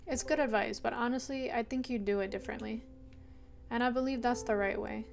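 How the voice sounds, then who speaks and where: Jumpy woman streamer with a high voice, reading game lines aloud between nervous laughs. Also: brisk, vocal fry, a little mellow, soft background music. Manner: reads on-screen game text aloud, breaking into nervous laughter. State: anxious and jumpy. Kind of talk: horror game let's play. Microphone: headphones with mic.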